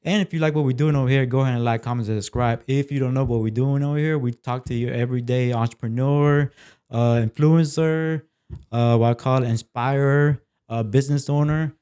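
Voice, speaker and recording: A man hosting a podcast, talking in a relaxed way with loose fillers. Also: medium pitch, a little fast, clean tone. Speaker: podcast host. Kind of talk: casual interview hosting.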